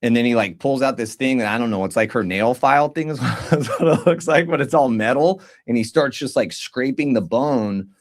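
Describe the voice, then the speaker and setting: With a medium pitch and a slightly fast pace, this co-host hardly pauses at all. He narrates a story on the podcast in casual, slangy banter, animatedly playing out other people's words.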